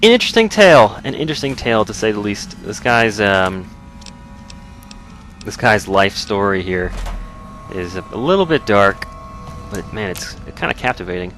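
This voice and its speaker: A man's voice: lowish voice, big pitch swings, moderate pace, fairly bright tone, faint music behind. A man hosting a let's play, giving easygoing, rambling gameplay commentary. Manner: easygoing, rambling, self-correcting.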